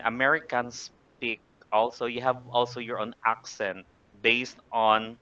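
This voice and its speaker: A man's voice: mid-range voice, bright, forceful tone, clean tone, dull audio. A man from the Philippines with a Filipino accent, carefully explaining words in a casual online conversation. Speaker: language exchange participant.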